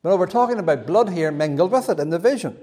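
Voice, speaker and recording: A man preaching a sermon with fervent emphasis, his voice rising to loud, emphatic peaks. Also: sits high, expressive, fast talker, big-room sound.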